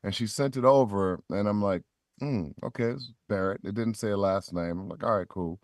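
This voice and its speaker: A man's voice: lowish voice, moderate pace, darkish tone, no room sound, studio quality. A middle-aged man, a voice actor, telling stories as a podcast guest and acting out quoted voices with animation. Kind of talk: storytelling in a podcast interview.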